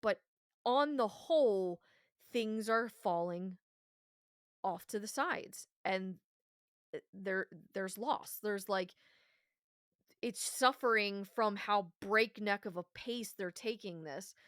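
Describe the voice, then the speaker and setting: A woman's voice: medium pitch, slow, pauses often, fairly bright tone, no room sound. A woman co-hosting a podcast, talking with passion and plenty of emphasis as she reviews an episode. She swears freely as she makes her points. The sound is close and dry, with almost no room around her. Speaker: podcast co-host. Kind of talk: casual review chat.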